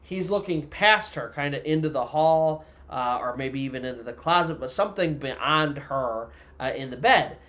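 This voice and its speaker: A man narrates a creepy story in a loose, conversational style, filling it with "you know" and "kinda." His mid-range voice is expressive and fairly bright, moving at a moderate pace with hardly any pauses.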